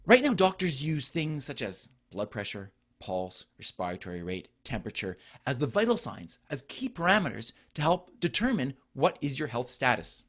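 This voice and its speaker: A middle-aged man delivers a conference talk as a doctor, earnest and explanatory. His pitch rises and falls freely, and he keeps posing rhetorical questions to the audience. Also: big pitch swings, normal speed, hardly any pauses, a bit bright. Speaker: physician presenter. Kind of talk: conference presentation.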